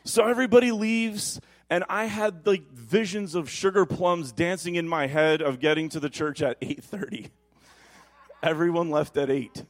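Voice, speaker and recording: A man in his thirties preaching a lively sermon in a church, telling stories animatedly and dropping soft and low when quoting God. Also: moderate pace. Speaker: pastor.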